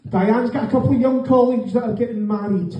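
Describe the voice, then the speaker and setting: Middle-aged Scottish stand-up, sweary and mocking, heard from a distance in a dull-sounding club. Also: male voice, extremely high pitch, fairly even intonation, quick pace. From Scotland. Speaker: stand-up comedian. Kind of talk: stand-up comedy set. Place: comedy club, live audience. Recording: echoey room, distant mic, dull sound. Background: audience laughter.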